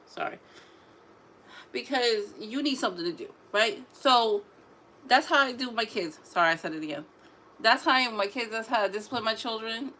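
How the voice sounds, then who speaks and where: A woman in her thirties, speaking with a slightly higher voice, tells stories about her kids in a sassy, animated way. Her drawling asides keep a loose, casual chat going. A faint background noise sits under the recording. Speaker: mother vlogging about parenting. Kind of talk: casual talk to camera.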